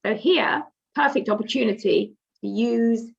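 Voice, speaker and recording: An English woman co-presents a landscape design in an online call. She speaks at a measured pace with some light teasing. Her audio comes through slightly dull and muffled. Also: fairly high pitch, gravelly, breathy edge. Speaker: landscape architect.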